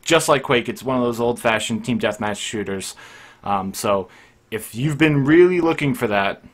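A young man hosting a gaming podcast, recapping his week in a relaxed, easygoing way. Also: mid-range voice, normal speed. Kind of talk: casual gaming chat.

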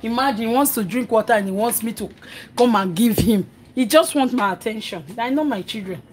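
A woman's voice: fairly high pitch, a little fast, slight background noise, rough recording. A middle-aged Nigerian woman chatting on a cooking livestream, reading comments aloud and scolding her children between remarks. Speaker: vlogger and mother. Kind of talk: casual cooking livestream chat.

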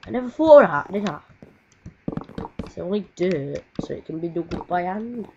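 A woman's voice: fairly low pitch, lively intonation, moderate pace. A woman, giving rambling, swear-heavy casual commentary while playing a game. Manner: rambling, swears often, sings to herself. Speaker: gaming video creator. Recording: muffled noisy home mic.

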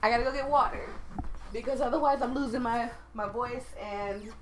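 This woman, fairly high-pitched and speaking at normal speed, reads a dating game aloud while chatting to her viewers in a gaming video. She sounds slightly hoarse, laughs and clears her throat as she goes, and there's a little hiss or hum in the recording.

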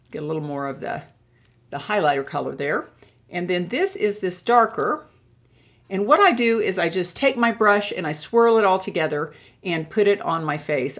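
An older woman chatting to camera as a beauty vlogger, gushing as she reviews products she loves. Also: fairly low pitch. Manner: warm and gushing, with many admiring exclamations.

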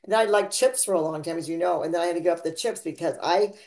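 A chatty woman hosting a relaxed faith talk, her voice low and mellow. She rambles and laughs as she goes, with sudden theatrical jumps in pitch and loudness. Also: fast talker. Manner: dramatic swings in pitch and volume. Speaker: podcast host. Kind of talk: casual faith chat.

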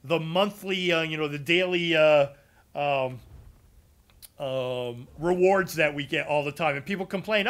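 A man's voice: fairly high pitch, measured pace, a bit bright. A man streaming a casual game build walkthrough to his live chat, loose and chatty with lots of ums and uhs. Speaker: gaming streamer explaining a character build.

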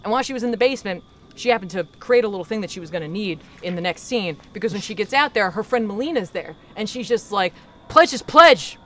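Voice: medium pitch, fast talker. A podcast host gives a casual recap of a comic book. The host tells the story with animation and drops into the characters' lines along the way.

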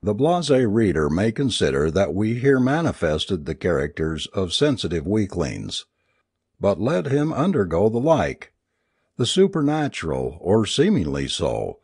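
A man narrating a first-person story aloud in a dramatic, expressive reading. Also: low-pitched, unhurried, husky, no room sound, studio quality. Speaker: audiobook narrator.

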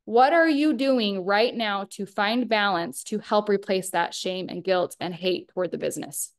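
A woman's voice: medium pitch, moderate pace, few pauses. A woman in her thirties giving an earnest motivational talk to a small group, coaching them and asking them questions. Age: 30s. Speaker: workshop speaker.

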